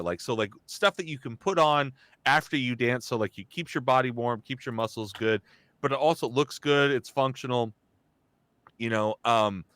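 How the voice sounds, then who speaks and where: A man's voice: medium pitch, fairly bright tone, dry recording. A young man, a guest on a live talk show, telling a casual story with lots of restarts and quoted voices. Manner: rambling, full of restarts and acted-out quotes. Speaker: guest, voice actor and comedian.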